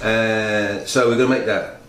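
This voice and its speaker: A man's voice: on the low side, fairly even intonation, a little slow, fairly bright tone, a little hiss or hum. Chatty man in an echoey kitchen. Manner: chatty and rambling, talks to viewers. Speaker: home cooking video host. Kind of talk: casual cooking demonstration. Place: home kitchen. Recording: echoey kitchen with clattering pans.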